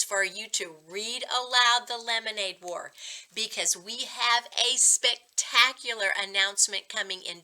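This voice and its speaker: A woman school reading coach reading a children's chapter book aloud and addressing students in an expressive, upbeat teacherly way. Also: fairly high pitch, rough recording. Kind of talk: read-aloud storytime for schoolchildren.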